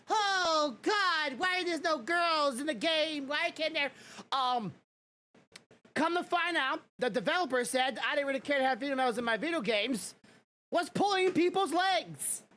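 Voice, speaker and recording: A man's voice: very high voice, sharp tone, a little hiss or hum. A man hosting a podcast, talking in a loose, rambling way and laughing often between points. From Louisiana and Mississippi, USA. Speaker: podcast host. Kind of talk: casual podcast chat.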